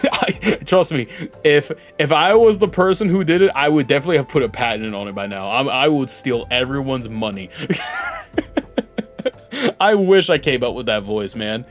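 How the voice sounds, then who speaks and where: With an animated, mid-range voice and a fairly quick pace, a young man gives casual gameplay commentary on a stream. He rambles, makes self-deprecating jokes, and reads the game's text out loud.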